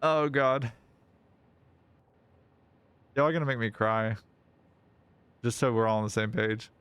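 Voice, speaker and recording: A man's voice: medium pitch, a little slow, fairly bright tone, clean tone, no echo. A man livestreaming a game, chatting casually with his viewers and reading their messages aloud, with playful mock-dramatic whining. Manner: reads chat messages aloud. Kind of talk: casual gaming livestream chat.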